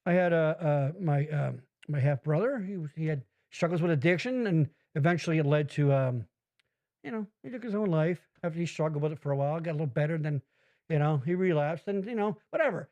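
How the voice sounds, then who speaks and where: A man's voice: on the high side, fast talker, dull audio. A man hosting a podcast in casual chat, rambling and swearing freely, laughing often. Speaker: podcast host.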